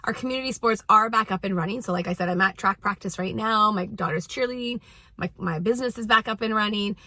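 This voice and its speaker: A middle-aged woman coaching parents in a relaxed talk to camera. Her voice is bright and forceful, and she stresses and repeats her main points earnestly. The sound is dry and close. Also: medium pitch, fast, no echo. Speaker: parenting coach and show host. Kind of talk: casual advice talk to camera. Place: at a youth sports practice.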